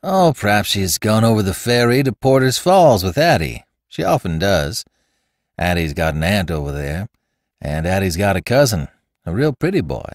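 A man's voice: lowish voice, very animated, normal speed, no echo, studio quality. A man voicing a brusque, evasive country woman who answers shortly in rustic speech. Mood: curt.

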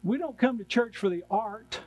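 A man's voice: sits high, lively intonation, normal speed, darkish tone, rough recording. A male pastor preaching a sermon in a church, driving his points home with repeated refrains.

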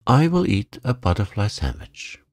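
Man doing a fussy little gentleman frog, prim and polite, raised voice, dry close sound. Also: on the low side, very animated, normal speed, dry recording, voice pushed up.

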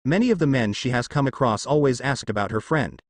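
A man narrating a fan fiction story aloud in a plain, steady reading voice with occasional misread words. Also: medium pitch, a little fast, no echo.

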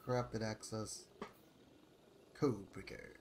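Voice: mid-range voice, steady tone, slow pace, a little hiss or hum. A young adult gamer ranting angrily and swearing constantly during gameplay commentary, with sighs. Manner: frustrated, sighs and laughs. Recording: faint game music behind.

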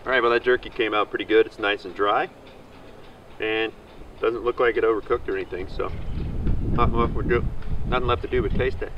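A middle-aged man hosting an outdoor skills vlog, explaining things in a relaxed, plain-spoken way. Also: on the low side, fast talker, lo-fi sound. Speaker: outdoor skills channel host. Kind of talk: casual outdoor how-to vlog. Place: outdoors in a backyard. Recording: distant outdoor camera audio with wind noise.

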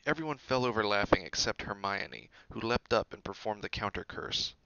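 A man with a low, gravelly voice and a bright, forceful edge reads a storybook aloud. His narration is steady and expressive. The recording is dull and dry. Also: normal speed, no room sound. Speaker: audiobook reader.

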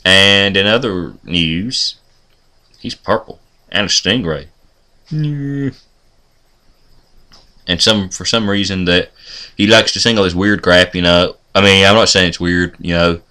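Rambling joking man, bright voice. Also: sits low, fairly even intonation, moderate pace, smooth. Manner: rambling, joking, self-deprecating. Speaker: vlogger. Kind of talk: casual chat.

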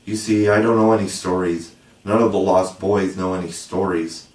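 A cocky, carefree boy who coaxes in a plain, matter-of-fact way, as a male reader puts him on. The voice sits fairly low. It sounds distant and echoey, like a reading in a bare room. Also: steady tone, moderate pace, a little mellow, natural voice. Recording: roomy, distant mic.

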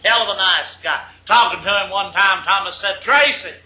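Guy telling dirty jokes, high sharp bright voice, folksy drawl, hissy old 8-track. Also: normal speed, dull audio. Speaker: comedian. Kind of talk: stand-up joke telling. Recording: hissy echoey 8-track tape.

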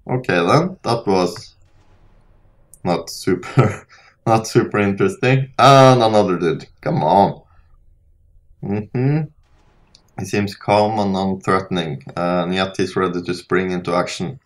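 A man's voice: sits low, slow pace, long pauses. A young man casually commenting on a role-playing game as he plays, rambling and breaking off mid-sentence. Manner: relaxed, rambling, self-interrupting. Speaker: let's play host. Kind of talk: casual gameplay commentary, reading dialogue aloud.

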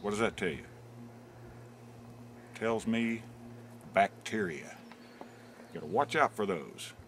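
A man's voice: on the low side, expressive, takes it slowly, a bit bright, a little hiss or hum. A man giving a mock-serious nature walk outdoors on a trail, with dry, jokey guide patter. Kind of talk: deadpan comic narration. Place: outdoors on a wooded hiking trail.

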